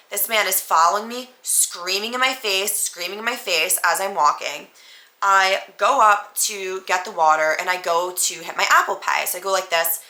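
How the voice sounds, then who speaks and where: Woman podcast host, casual storytelling, bright voice, echoey room. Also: medium pitch. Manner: animated, frequent "like" and "um" fillers.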